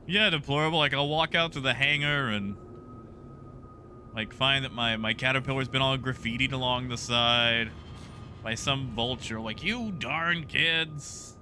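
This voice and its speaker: A man's voice: mid-range voice, steady tone, normal speed, pushed and bright, a little hiss or hum. A man streaming a game and chatting casually with live viewers, joking and riffing on their messages from his home setup.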